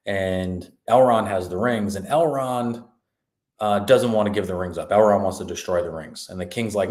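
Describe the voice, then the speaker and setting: Deep-voiced sarcastic man recapping a show. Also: a little mellow, roomy sound. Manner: sarcastic, mocking retelling with quick mimicked lines. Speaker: podcast co-host. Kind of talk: casual review recap.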